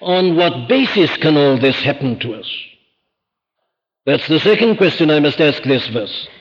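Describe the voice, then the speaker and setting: A man preaching a sermon, emphatic and rhetorical, slowing down to stress key words. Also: fairly high pitch, animated, big-room sound. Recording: dull lo-fi archive recording.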